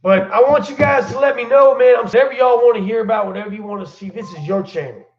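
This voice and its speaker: Gravelly high-voiced man telling stories. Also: fast talker. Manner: laid-back slang-heavy storyteller, laughs while telling. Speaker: channel host telling prison stories. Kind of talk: casual livestream storytelling. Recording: echoey room, dull lo-fi sound.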